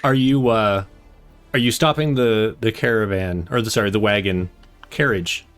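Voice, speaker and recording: Low-voiced male game master. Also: fairly bright tone, clean tone, soft background music. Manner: easygoing, halting narration with many fillers. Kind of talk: narrating a tabletop game.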